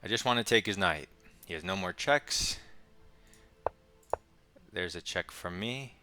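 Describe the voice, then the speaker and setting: A young man giving casual, quick play-by-play of his own chess game with wry asides. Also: deep voice, lively intonation, over music. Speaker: chess streamer. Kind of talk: casual live game commentary.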